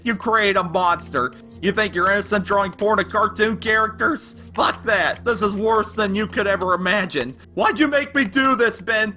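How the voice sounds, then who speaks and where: A man's voice: sits high, pushed and bright. A man rapping in rhyme as an obsessive, unstable young male superfan, with a delivery that swings between gushing and menacing, over a backing beat. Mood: unhinged. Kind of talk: rapped fan-letter verse over a beat.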